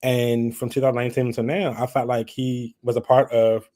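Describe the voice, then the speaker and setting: A man's voice: mid-range voice, brisk. A man, chatting and laughing as he hosts a live stream. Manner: chatty, laughing, lively retelling. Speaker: livestream host. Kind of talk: casual live chat.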